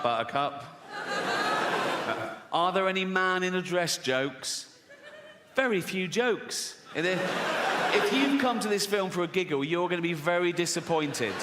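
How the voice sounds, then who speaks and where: A man's voice: high voice, heavy background noise. A British man doing a stand-up comedy routine, sardonic and sweary with mocking asides. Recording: echoey venue with loud laughter. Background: audience laughter.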